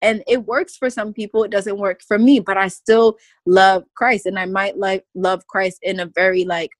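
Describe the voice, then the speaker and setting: A woman's voice: medium pitch, little pitch movement, moderate pace, no room sound. A woman speaking as a podcast guest in casual conversation, emphatic and goofy, often breaking into laughter.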